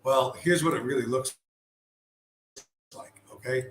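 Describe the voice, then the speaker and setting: A man's voice: medium pitch, a little slow. Blunt, foul-mouthed man in an echoey room. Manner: blunt, heavy swearing, sarcastic. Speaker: video commentator. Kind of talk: profane commentary over a screen-shared video. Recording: echoey room with faint ambience.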